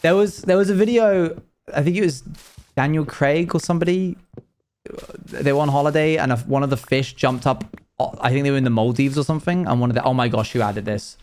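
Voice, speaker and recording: A young man with a slightly high voice talks loosely to his live chat, laughing as he rambles through stories. He pokes fun at himself and drifts from one aside to the next. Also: brisk, darkish tone. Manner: rambling, laughing, self-deprecating storytelling. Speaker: live streamer. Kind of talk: casual chat with stream chat.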